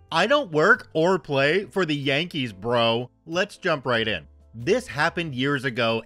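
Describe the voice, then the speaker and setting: A man's voice: fairly high pitch, sharp tone, dry recording. A man in his thirties reading online stories aloud and commenting with wry, joking asides. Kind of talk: casual story narration and commentary.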